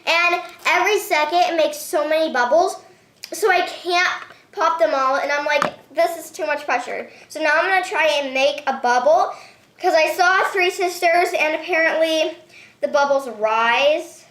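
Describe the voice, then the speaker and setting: A woman hosting a slime-making vlog at home, talking excitedly and often squealing and shrieking. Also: sits high, moderate pace, echoey room. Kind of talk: excited hands-on vlog narration. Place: home bathroom and table.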